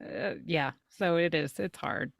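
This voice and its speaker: A woman co-hosting a podcast, telling stories in animated casual chat and jumping up in pitch when she quotes herself. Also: a little slow, gravelly, no echo, studio quality. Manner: animated storyteller, jumps high when quoting herself. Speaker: podcast co-host.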